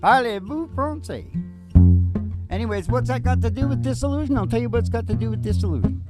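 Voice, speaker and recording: A man's voice: very high voice, very fast. A male podcast host talking in a wry, joking, conspiratorial way. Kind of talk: casual rambling chat. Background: acoustic guitar.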